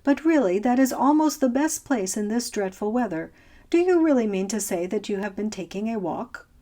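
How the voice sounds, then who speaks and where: A woman voicing a fussy, anxious elderly gentleman who talks in a prim, fretful, genteel way. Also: a little high, lively intonation, normal speed, close to an everyday voice.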